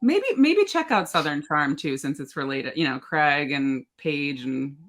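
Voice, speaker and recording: A woman hosting an interview podcast, asking quick, friendly questions. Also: deep voice, sing-song, fairly bright tone. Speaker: podcast host.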